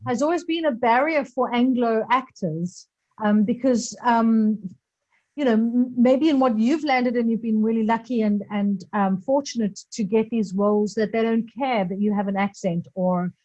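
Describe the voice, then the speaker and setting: A woman's voice: on the high side, normal speed, darkish tone. A woman hosting an interview, encouraging her guest and hesitating with many ums. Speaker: interview host. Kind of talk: casual interview chat. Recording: muffled lo-fi audio.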